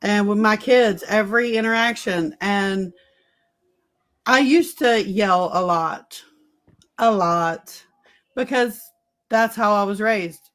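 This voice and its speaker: A woman's voice: mid-range voice, takes it slowly, pauses often, a bit bright. A middle-aged woman in casual conversation, frankly telling personal stories about parenting. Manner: candid, personal storytelling. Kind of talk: casual chat.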